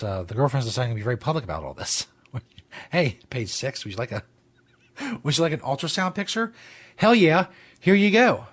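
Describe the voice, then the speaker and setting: A man's voice: on the low side, slightly rough. A male talk-show host rambling casually and profanely, laughing at his own jokes, in a studio.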